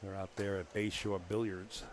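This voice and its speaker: A lowish-voiced man with a thick Bronx New York accent calls a pool match live, teasing his co-workers in between the shots. He sits alone in a small commentary room, with a faint hum of the venue around him. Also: flat delivery, normal speed. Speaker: billiards commentator.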